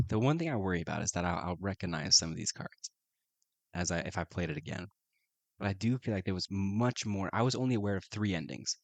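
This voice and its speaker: A man playing a solo folk-horror tabletop game, reading the prompts aloud and reacting with excited exclamations. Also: sits low, no room sound. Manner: excitable, keeps saying oh my goodness. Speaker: solo tabletop RPG player.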